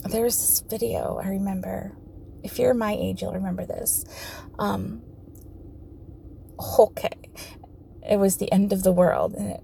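A woman's voice: medium pitch, vocal fry, a little hiss or hum. A woman chatting casually and hesitantly, with frequent ums. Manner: hesitant, many ums, soft-spoken. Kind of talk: casual chat.

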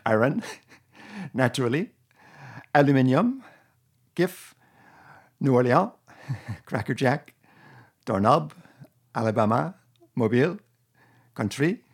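A man putting on an exaggerated French Canadian accent while reading a word list loudly, in a higher voice than his own. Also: breathy edge, heavily acted. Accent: French Canadian (put on). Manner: exaggerated, loud, breaking into laughter. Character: male French-Canadian speaker reading words.

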